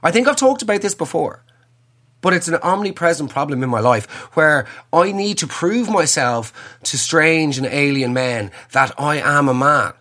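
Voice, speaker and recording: A man's voice: a little high, lively intonation, normal speed, bright, forceful tone. A man hosting a podcast, delivering a wry, self-mocking, rambling comedic monologue. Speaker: podcast host.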